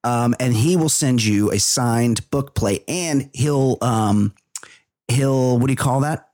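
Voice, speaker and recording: A man's voice: mid-range voice, slow pace, no echo, studio quality. A man co-hosting a casual comedy podcast, rambling and profane as he riffs. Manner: rambling, profane, animated riffing. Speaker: podcast co-host.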